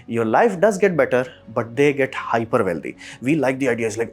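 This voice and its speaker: A man's voice: mid-range voice, big pitch swings, fairly quick, husky, faint music behind. A man hosting a podcast, talking casually and emphatically, with rhetorical questions and mock quotes. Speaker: podcast host. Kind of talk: casual solo commentary.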